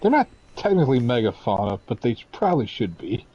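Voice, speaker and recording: A man chatting casually as a guest while gaming, with dry quick quips. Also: mid-range voice, big pitch swings, mellow, highs cut off. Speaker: guest gamer.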